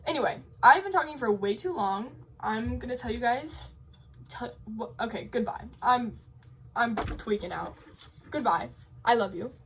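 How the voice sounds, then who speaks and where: A woman's voice: on the high side, lively intonation, normal speed, fairly bright tone, slight background noise, rough recording. A young woman vlogging about college, telling stories in a rambling, emphatic way with lots of fillers. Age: young adult. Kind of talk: casual vlog chat.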